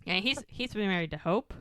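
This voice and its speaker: A woman's voice: medium pitch, lively intonation, moderate pace, clean tone. A woman co-hosting a podcast, retelling scenes in a casual chat and acting out the characters' lines. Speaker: podcast co-host recapping episodes.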